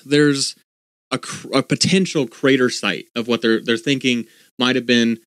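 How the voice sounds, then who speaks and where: A man in casual podcast chat who mulls ideas out loud and reads passages from articles. His voice sits at an ordinary pitch for a man, and the recording is dry and close, with no room sound. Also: steady tone, measured pace, dry recording. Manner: thinking aloud while reading articles, restarts and fillers. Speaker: podcast co-host.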